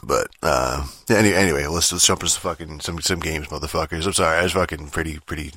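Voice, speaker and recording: A podcast host man talking off the cuff, cursing in nearly every phrase and restarting his sentences. His voice sits very low yet carries a bright, forceful edge. The recording is dry and close. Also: fast talker, no echo. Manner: profane, rambling, many fillers and restarts. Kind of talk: casual rambling podcast monologue.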